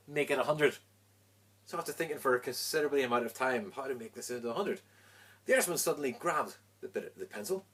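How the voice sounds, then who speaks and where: A man telling a long joke with lively delivery. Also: medium pitch, breathy edge. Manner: animated, acts out voices in punchlines. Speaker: joke teller. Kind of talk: storytelling a joke.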